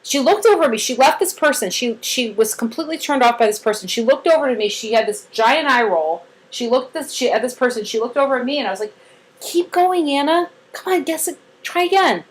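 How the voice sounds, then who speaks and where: A woman's voice: a little high, fast talker, few pauses, low-quality recording. A woman trainer explaining a therapy method in casual talk, acting out quotes and filling her speech with "like". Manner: animated storyteller acting out quotes, many "like" fillers; cheerful voiced praise bursts.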